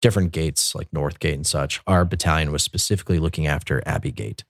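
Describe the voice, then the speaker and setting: A Catholic military chaplain tells his story loosely and rambles, with plenty of fillers and restarts, in a conversational storytelling style. His voice is extremely low and steady, and he talks fast. The recording is clean studio sound with no echo.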